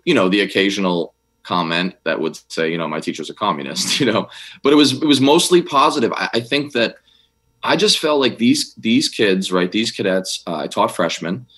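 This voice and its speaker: A man, a former army officer and history teacher, answering interview questions in a rapid, excitable way with many restarts. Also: on the low side.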